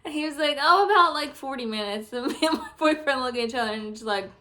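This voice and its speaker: A woman's voice: high voice, lively intonation, fast talker, bright, forceful tone. A young woman telling a story in a casual vlog, laughing often and swearing as she vents. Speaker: vlogger.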